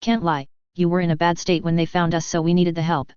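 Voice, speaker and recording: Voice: medium pitch, level tone, a little fast, a little mellow, clear, resonant tone, no echo, natural voice. A narrator voicing an irritable young woman soldier who talks bluntly and impatiently, read from a story. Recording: dry, slightly dull.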